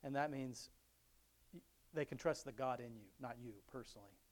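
A man's voice: mid-range voice, moderate pace. A middle-aged man giving a casual devotional talk, rambling, chuckling often and restarting his sentences. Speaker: Christian speaker.

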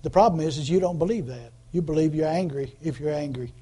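High-voiced man preaching a casual sermon. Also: fast, dark tone, breathy edge. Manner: conversational preaching with rhetorical questions and call-outs; acts out quoted voices mockingly. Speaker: pastor.

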